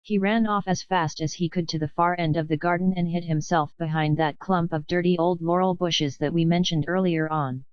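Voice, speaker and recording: Smooth-voiced woman reading a storybook. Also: fairly low pitch, steady tone, moderate pace, hardly any pauses, no echo, dull audio. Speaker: audiobook narrator. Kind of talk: scripted storybook narration.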